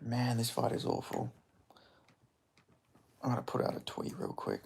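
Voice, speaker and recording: Streaming a fight watch-along, a young man talks off the cuff in a gravelly, creaky voice of middling pitch that's a little mellow. He speaks at a normal speed with huge swings in pitch, reacting to strikes, reading viewer chat aloud and cursing bluntly.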